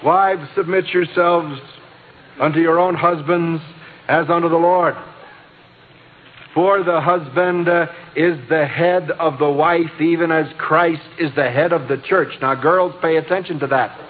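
A male preacher delivering a sermon, emphatic and slowing down to stress key words. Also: fairly high pitch, fairly even intonation, in a large hall. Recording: tinny lo-fi tape with faint hiss.

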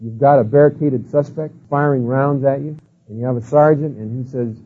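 A man's voice: mid-range voice, steady tone, a little fast, husky. A man giving a sermon-style lecture, telling stories in a folksy way with many fillers. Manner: folksy, storytelling with many "you know" and "uh" fillers. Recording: tinny phone-like old tape.

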